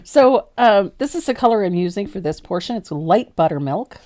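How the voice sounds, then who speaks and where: A woman hosting a live painting tutorial, chatty and quick to laugh, poking fun at herself as she explains each step. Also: medium pitch, lively intonation, warm tone, slight background noise. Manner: chatty, laughs easily, self-deprecating. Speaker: host and painting teacher.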